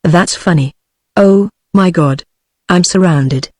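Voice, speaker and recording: A British-accented synthetic female voice reading the lines of a flustered naked gentleman hiding in a closet. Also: lowish voice, slow pace, no echo. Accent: British English.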